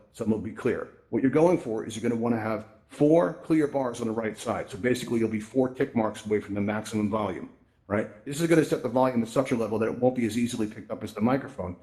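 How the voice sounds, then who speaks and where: A man's voice: lowish voice, a little mellow. A middle-aged man giving a casual tech presentation at a virtual reality event, chatty and often asking "right?", speaking into a headset microphone. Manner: chatty, acts out quoted voices, says "right?" a lot.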